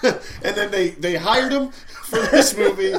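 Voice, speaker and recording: A man's voice: high-pitched, takes it slowly, a crowd in the background. A man on a podcast panel retelling a bad movie with profanity, laughter and mocking put-on voices. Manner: animated, acts out scenes in mocking voices, swears and laughs. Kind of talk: casual movie review chat.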